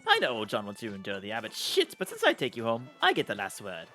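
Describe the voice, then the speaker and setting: A gruff older manservant grumbles about fools and warns his young charge not to be pushed around, as a man puts him on for a game. His voice is blunt and scolding, and it swings widely in pitch. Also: huge pitch swings, fast talker, bright, forceful tone, faint music behind, full character voice.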